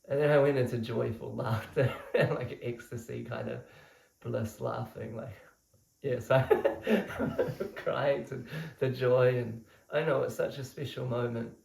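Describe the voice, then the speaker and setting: Gravelly young man telling his story. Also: medium pitch. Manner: animated, laughs often while telling. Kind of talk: casual storytelling. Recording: roomy echo, mic at a distance.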